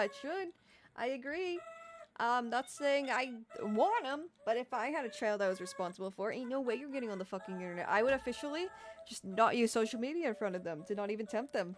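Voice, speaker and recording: A woman's voice: mid-range voice, expressive, quick pace, faint music behind. A young adult woman livestreaming, chatting casually, rambling, swearing a lot and laughing often. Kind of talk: casual live-stream chat reacting to comments.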